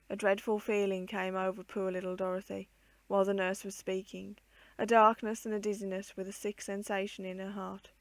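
A woman reading an old children's book aloud in a measured, expressive way. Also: medium pitch, no room sound. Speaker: storyteller.

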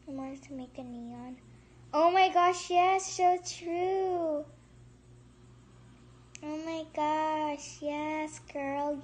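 A woman hosting a casual gameplay commentary, excitable and chatty, gasping and squealing at surprises and rambling with restarts. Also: high-pitched. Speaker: gaming channel host.

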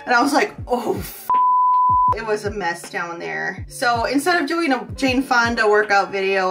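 A woman's voice: mid-range voice, fairly bright tone, far from the mic. A woman with a Minnesota accent, rambling conversationally in a chatty get-ready-with-me vlog at home. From Midwest US. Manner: rambling, conversational, lots of "like" fillers. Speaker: beauty vlogger.

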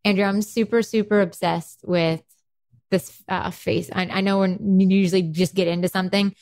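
Woman, South Carolina accent, animated chatty podcast co-host, mid-pitch. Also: moderate pace. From South Carolina, USA. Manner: chatty, laughing, animated storyteller. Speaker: podcast co-host, dental hygienist. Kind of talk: casual chat.

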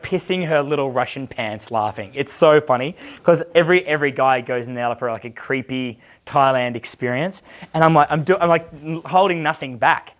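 Brash, profane male dating coach. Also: a little high. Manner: brash, profane, laughing, acts out quoted voices. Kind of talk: casual storytelling chat.

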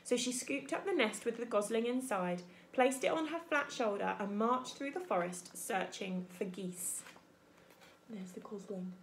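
A woman teacher reading a children's book aloud in an expressive storytelling manner. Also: a little high, a little slow, a little hiss or hum. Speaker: primary school teacher.

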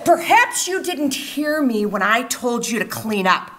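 A woman voicing an enraged mother who shouts and scolds her children about their messy rooms. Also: sing-song, measured pace. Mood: sarcastic stern. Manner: shrill, shouting, sarcastic.

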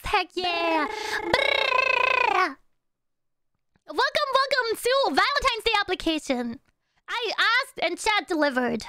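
A woman's voice: very high voice, sharp tone, no room sound, clean studio sound. A woman streamer chatting casually and playfully with her audience, humming little tunes between thoughts and teasing her chat.

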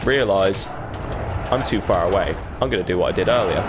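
A man's voice: on the low side, animated, fast. A man giving casual, profanity-heavy commentary over his own gameplay, with a laid-back manner. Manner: laid-back, swears a lot, mimics others. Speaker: gaming YouTuber. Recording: noticeable background noise.

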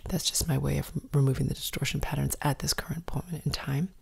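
A woman guiding a meditation in a soft, slow, often whispered voice. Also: a bass voice, steady tone, vocal fry, husky. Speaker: meditation guide. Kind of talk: guided meditation.

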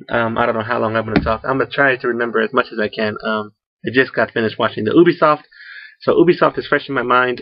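A YouTuber with a gravelly, medium-pitched voice delivers rambling solo commentary full of fillers and restarts. It's a muffled, dry recording made on a home sound recorder, with no room sound.

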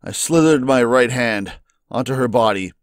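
A man's voice: mid-range voice, normal speed, no room sound, pitched below the performer's own voice, lightly acted. A man reading a wounded young man's first-person narration aloud from a visual novel, in a plain, lightly dramatic way.

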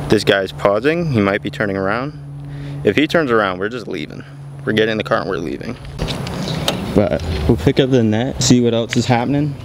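A man's voice: fairly low pitch, slight background noise. Chatty man vlogging outdoors. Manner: chatty, jumpy, talks to viewers while fishing. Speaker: fishing vlogger. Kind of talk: casual outdoor vlog narration. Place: outdoors by an overgrown canal.

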